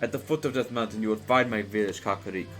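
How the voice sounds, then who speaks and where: A man voicing a huge, stern female warrior guardian from a video game, reading her lines in a low, hushed, solemn way with a slight put-on Russian accent. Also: quick pace, faint music behind, lightly acted. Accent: slight put-on Russian tint. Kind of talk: reading game dialogue aloud.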